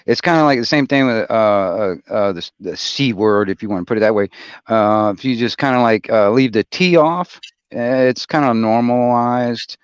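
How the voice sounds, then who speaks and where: A man talking casually on a group call, halting with many fillers. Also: medium pitch, clear, resonant tone, dry recording. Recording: dull lo-fi call audio.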